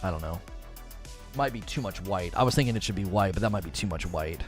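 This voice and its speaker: A man's voice: low-pitched, lively intonation, fast, faint music behind. A man in his thirties chatting casually on a live stream as the streamer, rambling with many fillers and restarts.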